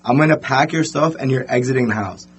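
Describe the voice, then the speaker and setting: A man's voice: medium pitch, fast talker, breathy edge. A man voicing an angry, fed-up wife who scolds her drinking husband. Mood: scolding. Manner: scolding, yelling.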